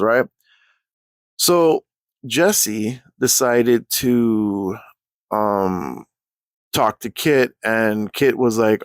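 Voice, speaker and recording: A young man hosting a casual storytelling vlog, talking in an animated, profane, rambling way. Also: mid-range voice, dry recording, clean studio sound. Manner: animated, profane, rambling, jumps into quoted voices. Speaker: channel host.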